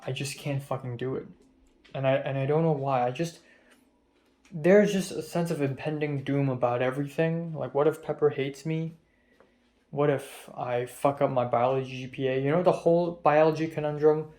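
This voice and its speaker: A tired young man rambling and swearing in a soft-spoken confessional vlog about his stress. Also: mid-range voice, steady tone, moderate pace. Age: young adult. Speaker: vlogger. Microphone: phone camera.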